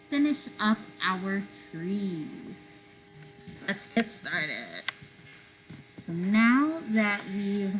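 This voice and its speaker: A woman's voice: mid-range voice, low-quality recording. A woman giving children careful, step-by-step craft instructions with attention to safety. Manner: gentle, careful, safety-minded explaining. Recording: faint mains hum.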